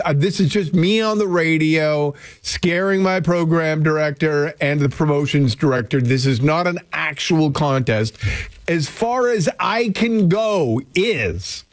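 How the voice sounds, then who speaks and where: A man's voice: fairly high pitch, dry recording. Man, radio host, casual chat, jokey asides, dry studio mic. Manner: chatty, rambling, jokey asides. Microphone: close studio mic.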